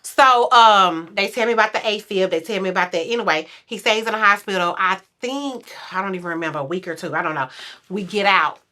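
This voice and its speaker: A woman in her forties, guesting on a podcast, tells a story at a brisk pace in easygoing conversation. For quoted speech she acts it out, getting louder and higher.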